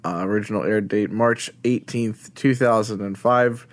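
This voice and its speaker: A man's voice: fairly low pitch, fairly even intonation, moderate pace. A man co-hosting a podcast, casually recapping episodes with a laid-back, joking manner. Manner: laid-back, summarizes plot with jokes. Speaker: podcast co-host.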